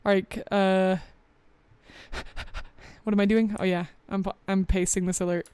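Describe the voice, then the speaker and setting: A young woman VTuber streams casually, chatting with viewers and reading their messages aloud, a little scatterbrained, laughing often and slightly out of breath. Her voice sits at medium pitch with a level, unhurried, somewhat mellow tone. A faint hiss or hum runs underneath.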